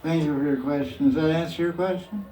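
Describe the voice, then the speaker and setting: A man's voice: a little high, fast, dark tone. An older man leading a spiritual question-and-answer talk, joking with playful asides and chuckles. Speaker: spiritual teacher. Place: hall with devotees. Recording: echoey room from far off.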